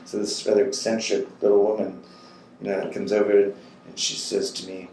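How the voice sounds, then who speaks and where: Man, 60s, low-pitched, oral history storyteller, animated and anecdotal, roomy echo and faint background noise. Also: normal speed, creaky. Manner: animated anecdotal storyteller who acts out quotes. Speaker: interviewee.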